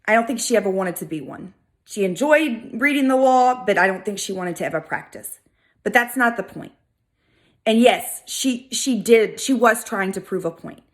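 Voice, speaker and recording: A woman with a Southern US accent hosting a video, telling a history story in a casual, animated, sassy way. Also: medium pitch, moderate pace. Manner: animated, chatty, sassy asides. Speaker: video host.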